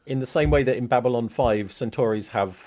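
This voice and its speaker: A man's voice: mid-range voice, brisk, darkish tone. A man in a casual chat, explaining fan lore in a nerdy, offhand way.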